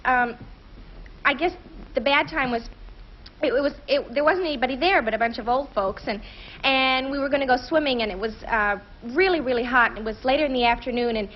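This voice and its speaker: Giggly, high-voiced woman telling a story. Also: a little fast. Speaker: celebrity guest contestant. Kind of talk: anecdote on a game show. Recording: dull 1970s TV recording.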